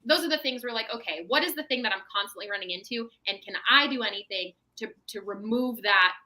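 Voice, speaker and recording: Bright-voiced woman giving parenting advice. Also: on the high side, fast talker, slight background noise, low-quality recording. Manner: explanatory, tags statements with "right?". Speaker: mental health professional guest. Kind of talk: casual advice chat.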